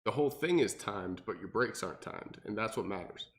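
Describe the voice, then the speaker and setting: A man, a personal trainer co-hosting a podcast, talking casually and animatedly with lots of fillers and restarts. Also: a little fast. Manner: animated, mimics people in exaggerated high voices, many fillers and restarts.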